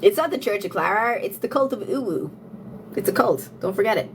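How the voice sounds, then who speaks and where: A woman's voice: medium pitch, expressive, brisk, a little hiss or hum. A young Irish woman live-streaming casually, answering chat, laughing often and repeating phrases as she thinks aloud. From Ireland. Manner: giggly, breaks into frequent laughter. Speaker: livestreamer.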